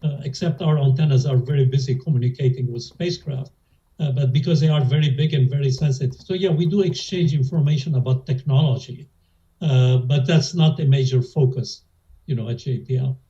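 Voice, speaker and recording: An older man, formerly a lab director, answers oral history interview questions hesitantly, full of fillers and restarts. His mid-range voice is warm and a little fast. The audio is dull and lo-fi.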